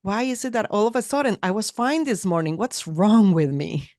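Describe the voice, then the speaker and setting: A woman co-teaching a live class, adding her thoughts in a soft, thoughtful way with fillers. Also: mid-range voice, normal speed, dry recording, studio quality.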